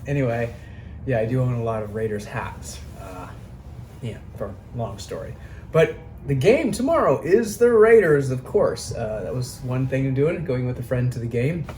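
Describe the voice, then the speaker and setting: A man's voice: medium pitch, expressive, moderate pace, darkish tone. A man vlogging casually from a hotel room, rambling and musing aloud, easily amazed by the view. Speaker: travel vlogger. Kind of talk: casual chat to camera. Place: hotel room by an open window. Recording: faint city noise behind.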